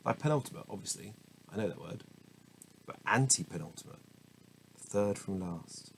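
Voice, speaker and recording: A man's voice: fairly low pitch, expressive, normal speed, vocal fry, a little hiss or hum, rough recording. A man reading dictionary entries aloud at home, often stumbling over hard words, correcting himself and laughing at his own mistakes. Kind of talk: casual unscripted reading with asides. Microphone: small camera mic.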